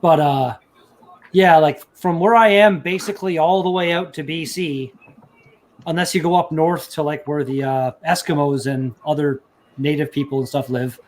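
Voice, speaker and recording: A Canadian man in casual live-stream chat, his voice sitting a little high. He rambles and restarts, leaning on fillers as he explains things. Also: steady tone, moderate pace. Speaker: chat participant.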